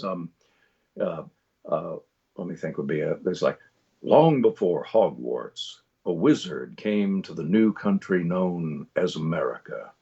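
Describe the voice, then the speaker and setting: An older man, a voice actor guest, telling animated stories in a casual interview. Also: mid-range voice, husky, muffled recording. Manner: animated storyteller, many restarts.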